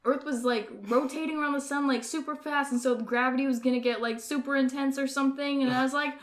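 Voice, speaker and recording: A young woman telling a friend group about a dream in a casual, animated way, laughing often and shouting quoted lines. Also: sits high, fast. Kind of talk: casual storytelling among friends.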